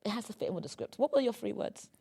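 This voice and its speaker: A woman's voice: mid-range voice, lively intonation, racing, creaky, dark tone, breathy edge. A young woman hosting a casual comedy podcast, playful and prone to acting out lines in silly voices. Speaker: podcast host.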